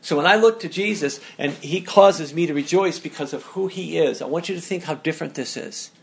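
Emphatic gravelly-voiced male preacher. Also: fairly high pitch, a little fast. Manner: emphatic, repeats and restarts words. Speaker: pastor. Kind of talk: sermon.

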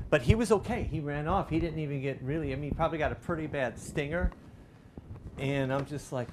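A man's voice: on the high side, expressive, brisk, background noise. A middle-aged man, preaching a sermon in a loose, conversational storytelling way, often restarting his sentences. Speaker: pastor.

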